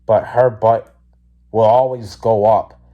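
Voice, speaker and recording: Sleepy philly guy, slow and mellow, rambling with lots of likes. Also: lowish voice, fairly even intonation, lo-fi sound. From Philadelphia, USA. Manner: rambling, many fillers, blunt and profane when heated. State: sleepy, yawning. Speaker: student vlogger. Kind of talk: casual storytelling.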